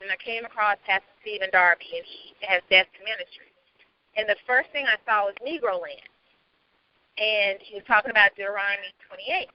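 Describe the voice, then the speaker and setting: A woman in her thirties, a guest asking questions, gives an earnest, halting, emotional personal testimony while speaking on a call from her car. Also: medium pitch, dry recording, dull audio. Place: in a moving car. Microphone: phone or call audio while driving.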